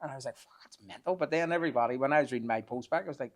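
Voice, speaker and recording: A man, telling animated anecdotes as a podcast guest and swearing freely. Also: medium pitch, rapid-fire. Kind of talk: casual storytelling chat.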